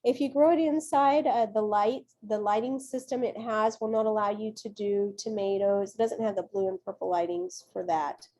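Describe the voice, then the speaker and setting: A woman teacher presenting at a conference, telling classroom stories in a chatty, folksy, expressive way. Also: mid-range voice, moderate pace, few pauses, slight background noise. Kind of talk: animated classroom storytelling.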